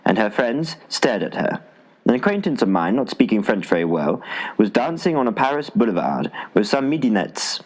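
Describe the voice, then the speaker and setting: A man reading a travel essay aloud as an audiobook narrator, in an expressive style with dry humor. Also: fairly low pitch, moderate pace, low-quality recording. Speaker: audiobook reader. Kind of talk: scripted narration.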